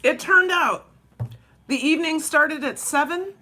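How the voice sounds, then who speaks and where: Slow-talking bright-voiced woman vlogger. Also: sits high. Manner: chatty, rambling, laughs often. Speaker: vlogger and dance teacher. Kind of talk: casual vlog chat over breakfast.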